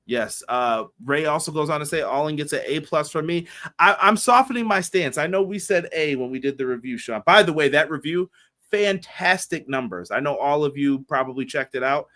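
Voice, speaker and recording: Male podcast co-host, bright, slightly high voice, energetic shout-out reader. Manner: hyped, rapid shout-out reading. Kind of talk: casual podcast chat.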